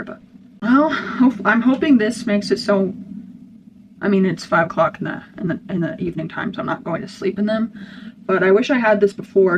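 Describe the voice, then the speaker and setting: A young woman chatting casually while doing her hair for a get-ready-with-me vlog. She rambles, loses her train of thought and jumps between topics. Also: medium pitch. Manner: rambling, scattered, easily sidetracked. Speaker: vlogger. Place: family room at home, indoors. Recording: audible background noise.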